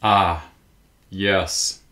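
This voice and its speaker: A man voicing a matter-of-fact male hospital doctor who speaks briskly and clinically, in a storybook reading. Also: low voice, fairly even intonation, bright, forceful tone, exaggerated voice. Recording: roomy echo.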